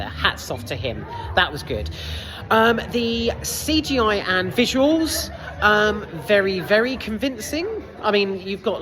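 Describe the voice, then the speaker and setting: Low-voiced woman reviewing a film. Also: a bit bright. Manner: hesitant, lots of fillers and restarts, swears casually. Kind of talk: casual film review vlog. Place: cinema foyer. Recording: long reverb in a foyer.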